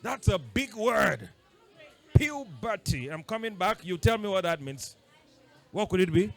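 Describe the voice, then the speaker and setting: High-voiced man quizzing kids. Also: expressive, creaky, soft background music. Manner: playful, quizzing the audience with quick questions. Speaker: workshop leader talking to boys. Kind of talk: interactive talk with children.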